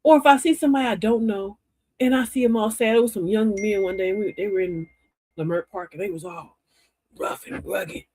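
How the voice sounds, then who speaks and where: Older lady hosting a live stream, preachy and folksy, talking to the chat, husky-ish voice. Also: medium pitch, brisk, dark tone. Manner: folksy, preachy, talks straight to chat viewers. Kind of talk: inspirational live-stream talk.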